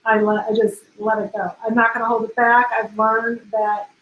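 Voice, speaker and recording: A woman's voice: a little high, flat delivery, moderate pace, reverberant, muffled recording, a little hiss or hum. A woman in her forties, co-host of an event, talking casually and emotionally, laughing often. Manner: emotional, laughs often, talks of crying easily. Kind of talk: casual conversation, live stream.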